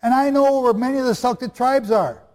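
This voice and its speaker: A man with a very high-pitched, darkish voice talks fairly quickly as he preaches and teaches Scripture to a live audience. Chatty and playful, he keeps quizzing the room, his words trailing off into a large hall's long reverb.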